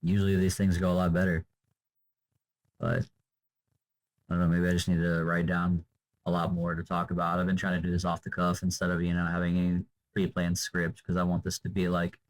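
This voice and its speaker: A man's voice: low-pitched, monotone, brisk, low-quality recording. A young man vlogging off the cuff, tired and drained, talking in a loose, meandering way with lots of fillers and trailing off. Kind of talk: unscripted rambling monologue.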